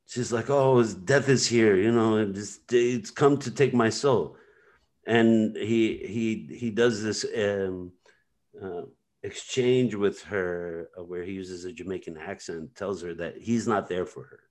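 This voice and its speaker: A man's voice: deep voice, a little mellow. A man hosting a podcast in casual conversation, talking in a meandering way with many fillers as he retells scenes. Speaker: podcast host.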